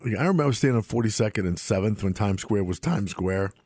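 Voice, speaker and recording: A man's voice: lowish voice, lively intonation, fast talker, darkish tone, no echo, studio quality. A middle-aged man, a former police officer, telling rambling self-mocking stories with laughter on a talk show. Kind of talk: casual storytelling on a sports talk show.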